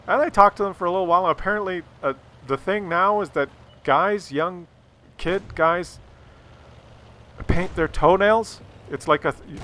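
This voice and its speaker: A man's voice: a little high, normal speed, pushed and bright, slight background noise. An older man telling a rambling, sarcastic, profane story as a gaming YouTuber talks over gameplay.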